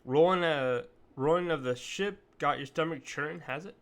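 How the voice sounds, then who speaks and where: A man's voice: on the high side, moderate pace, a bit bright. A man reading as a folksy ship peddler. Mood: reassuring chatty. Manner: reading game dialogue aloud in a homespun, colloquial way. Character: folksy male ship peddler, chatty and reassuring.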